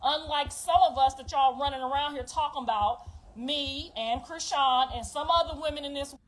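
A woman's voice: sits high, normal speed, rough recording. A woman in her fifties, a mother telling her life story in an emphatic, blunt, confessional livestream rant. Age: 50s.

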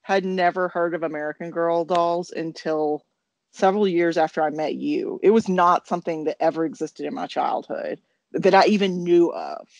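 A woman's voice: on the low side, normal speed, vocal fry, no echo, highs cut off. A woman in her forties co-hosting a craft podcast, with dry teasing banter. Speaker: podcast co-host. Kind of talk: casual chat.

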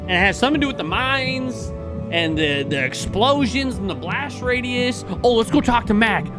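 Excitable man reacting to a game. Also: very high voice, moderate pace. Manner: excitable, jokey, swearing reactions. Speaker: let's play host. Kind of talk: gameplay commentary. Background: game music.

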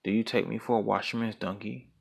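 A man's voice: fairly low pitch, steady tone, fast talker, creaky. A man voicing a clever, tricky male monkey in a folktale reading, talking slyly with mock indignation.

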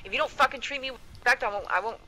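A woman with a high-set voice and a bright, sharp edge, heatedly venting to a friend over voice chat from home. She is blunt and profane, swearing freely as she airs her grievances. She sounds like she is in her thirties. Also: racing, slight background noise, poor audio. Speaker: gamer in voice chat.

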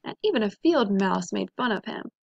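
A woman teacher reading a picture book aloud to children in a gentle, expressive storytelling voice. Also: mid-range voice, normal speed, creaky, no echo, muffled recording.

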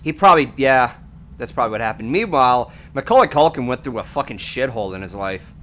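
A man with a bright, somewhat high voice chats on a stream, playful and teasing, his pitch jumping around a lot. Faint noise sits behind him. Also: animated. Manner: playful, teasing, quick to joke. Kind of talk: casual chat.

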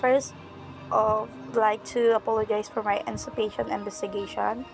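A woman reading the lines of a polite, formal male knight in measured, careful speech. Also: mid-range voice, little pitch movement, gravelly, over music, natural voice, low-quality recording. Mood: reserved.

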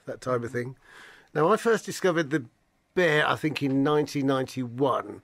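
A man's voice: medium pitch, expressive, normal speed, gravelly, no room sound. A man hosting a radio chat show, asking short questions and reminiscing about the comedy club scene. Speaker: radio host.

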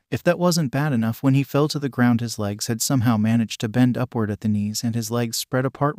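A man narrating a fan fiction story in an even, literal read-through. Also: medium pitch, no room sound, studio quality.

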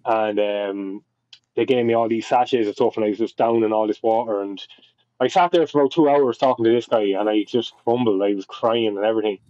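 A man's voice: on the low side, a little fast, warm tone, dry recording, highs cut off. A young Irish man telling a long personal story in a casual, rambling way, with lots of swearing and restarts. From Ireland. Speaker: podcast guest.

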